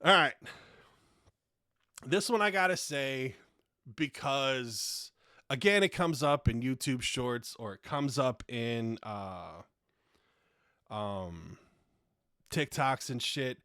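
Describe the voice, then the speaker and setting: A man's voice: medium pitch, expressive, takes it slowly, pauses often, pushed and bright, dry recording, studio quality. A man hosting a podcast, delivering a profane comedic rant with heavy swearing and exasperated outbursts. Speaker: podcast host.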